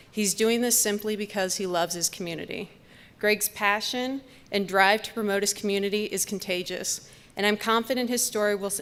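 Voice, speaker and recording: Event emcee, woman, mid-pitched, scripted intro in a reverberant hall. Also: fairly bright tone. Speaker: event host introducing the speaker.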